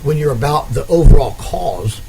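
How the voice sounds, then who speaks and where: A man's voice: a little high, expressive, moderate pace, gravelly, noisy background. A man interviewing a couple in casual conversation, rambling and restarting as he tells stories. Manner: rambling storyteller with many restarts.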